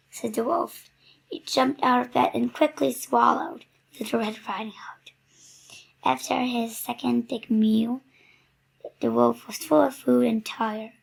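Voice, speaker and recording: A woman reading a children's story aloud, softly and often near a whisper. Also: a little high, creaky, breathy edge.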